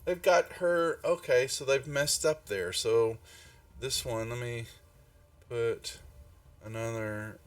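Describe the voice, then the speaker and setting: Slow-talking game master. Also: male voice, medium pitch, dry recording. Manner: slow, rambling, searching aloud through notes. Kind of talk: narrating a tabletop game on a live stream. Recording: distant mic, faint music behind.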